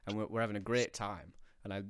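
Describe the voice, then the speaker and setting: Young male guest, slightly low pitch, dry recording, reflective and hesitant. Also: fairly even intonation, quick pace, smooth, no room sound. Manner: reflective, thoughtful, hesitant with fillers. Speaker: guest caller. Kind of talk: casual video-call chat.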